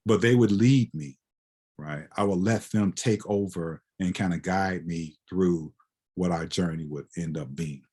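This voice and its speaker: Husky, lower-voiced male guest lecturer, reflective and conversational. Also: measured pace, mellow. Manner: conversational, often ends with "right?". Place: lecture hall.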